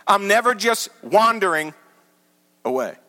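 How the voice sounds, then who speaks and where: Animated male pastor in a reverberant hall. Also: sits high, unhurried. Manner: animated teaching with emphatic repetition. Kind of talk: sermon. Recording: large hall with long reverb.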